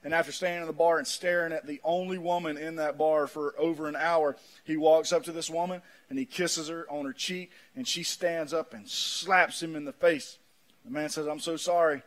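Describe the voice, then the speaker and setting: A man preaching a sermon in a folksy manner, swinging from shouts down to low, quiet lines. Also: steady tone, moderate pace. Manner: folksy, says "man" often. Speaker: pastor.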